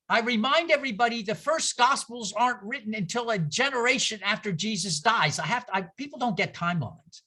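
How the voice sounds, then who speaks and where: A man with a bright, forceful tone gives an informal teaching talk to a congregation, speaking fairly quickly with hardly any pauses. He's animated, jumping in pitch for emphasis, often breaking off into asides and interrupting himself, and he asks the room rhetorical questions.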